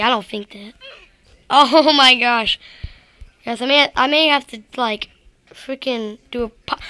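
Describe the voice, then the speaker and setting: A woman's voice: a little high, sharp tone, no room sound. A woman giving rambling, self-deprecating gameplay commentary straight to her viewers. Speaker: gaming video creator.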